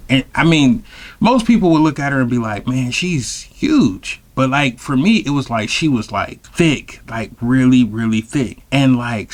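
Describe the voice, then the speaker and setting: A man telling a comic personal story in a loose, rambling, slang-heavy way, often turning to address his listeners directly. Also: medium pitch. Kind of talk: comedic storytelling.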